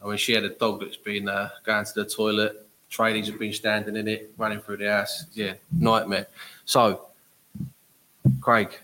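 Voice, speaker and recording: A man hosts a casual podcast in a bright, tense voice. His manner is chatty and upbeat as he introduces guests and clips. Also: fairly low pitch, completely flat delivery, moderate pace, a little hiss or hum, low-quality recording. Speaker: podcast host.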